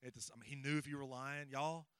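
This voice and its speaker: A man's voice: medium pitch, fairly even intonation, fast, fairly bright tone, clean tone, dry recording, clean studio sound. A middle-aged man, co-presenting a parenting seminar in a folksy, rambling way with stories and audience check-ins. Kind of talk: conversational teaching with personal stories.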